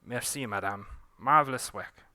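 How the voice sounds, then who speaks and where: A man's voice: mid-range voice, moderate pace, bright, forceful tone, dry recording. A man voicing a suave, formal male magician with a put-on French accent. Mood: courtly. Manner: courtly, elaborate phrasing.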